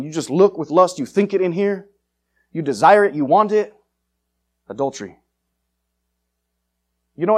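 Man, preacher, high voice, fiery, confrontational, loud-to-hushed swings. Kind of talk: evangelistic sermon.

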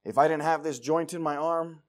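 This preacher's voice is fairly high and steady, moving at a moderate pace. His sermon is full of homespun, humorous stories, and he shifts from quiet asides to booming outbursts.

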